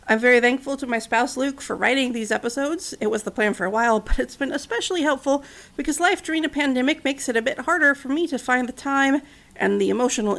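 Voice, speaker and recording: A woman in her thirties, a podcast host narrating a storybook in an earnest, gentle way. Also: sits high, gravelly. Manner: earnest, gentle, conversational asides.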